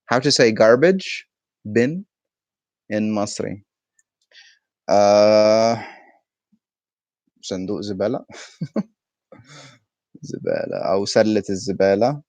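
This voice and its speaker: A man's voice: lowish voice, expressive, moderate pace, pauses often, a little mellow, no echo. A man teaching his language on a live stream, explaining patiently and answering viewers' questions. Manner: explains patiently, answers chat questions, frequent "okay?" and hums. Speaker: Arabic teacher.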